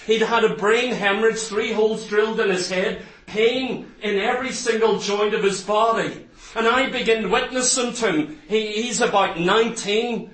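High-voiced preacher in echoing hall. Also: male voice, normal speed, fairly bright tone. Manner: fervent, asks rhetorical questions. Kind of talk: sermon. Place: church hall. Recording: roomy echo, distant mic.

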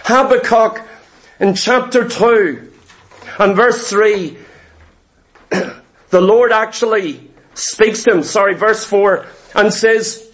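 Male preacher, strikingly high pitch, emphatic sermon delivery that drives points home by repetition. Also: slow, pauses often, fairly bright tone. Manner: emphatic, rhetorical questions and repeated phrases. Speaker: pastor.

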